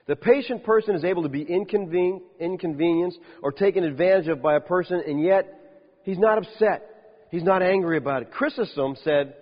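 A man preaching a sermon as a pastor, lively, with rhetorical questions and dry humorous asides. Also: on the high side. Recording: dull lo-fi sound with long reverb.

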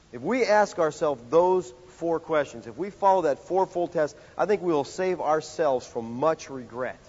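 A male pastor preaching a sermon in a conversational, animated way, full of rhetorical questions. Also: on the high side. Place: church sanctuary. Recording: dull sound with long hall reverb.

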